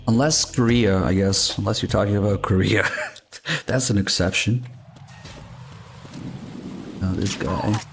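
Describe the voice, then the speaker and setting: Italian-accented man, 30s, game streamer, wry, low voice, desk mic, game music behind. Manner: chatty, wry, laughs often. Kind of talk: casual gameplay commentary. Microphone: desk mic with compressor.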